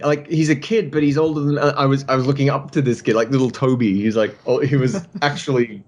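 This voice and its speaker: A man's voice: mid-range voice, fairly even intonation, fast talker, hardly any pauses, a little mellow. A man chatting as a podcast guest, rambling and laughing often. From Australia. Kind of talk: casual podcast chat.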